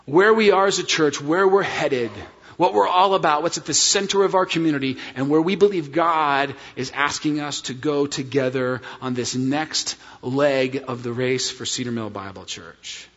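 A man's voice: on the high side, fairly bright tone. Earnest preaching pastor, man, long hall echo. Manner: earnest, storytelling preacher addressing congregation as friends. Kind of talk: sermon. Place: church sanctuary. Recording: dull sound in a reverberant church hall.

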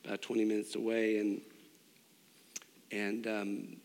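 A middle-aged man preaching a sermon, telling a personal story with restarts and swings between loud and hushed. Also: lowish voice, monotone, measured pace. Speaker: pastor. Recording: long hall reverb.

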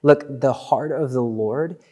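A man preaching a sermon in an earnest, conversational way, slowing down for emphatic phrases. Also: mid-range voice, dark tone. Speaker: pastor.

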